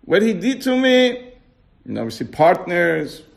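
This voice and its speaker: Leading a casual religious class, this man speaks in a high, creaky, very animated voice. He keeps firing questions at his listeners and slows his delivery to emphasize important words.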